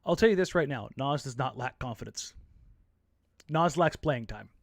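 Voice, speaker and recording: A co-host of a casual sports podcast tells stories in a blunt, jokey, animated style. His gravelly voice is medium-pitched at normal speed, recorded in studio quality with no room sound.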